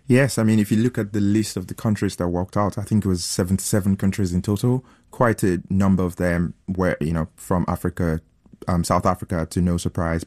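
A man's voice: sits low, a little mellow. A man speaking as a commentator on a radio news panel, thoughtful and using fillers as he talks.

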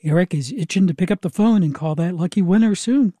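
Man, radio host, high, mellow voice, persuasive pledge appeal, dry studio. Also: quick pace, no echo. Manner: affable, persuasive.

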